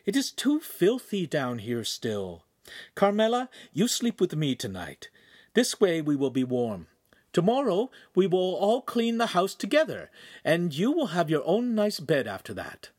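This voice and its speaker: A man reading an audiobook, voicing a gentle young woman who coaxes softly. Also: sits high, wildly swooping pitch, unhurried, dry recording, studio quality, pitched above the performer's own voice, exaggerated voice. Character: young woman, the master's kind daughter.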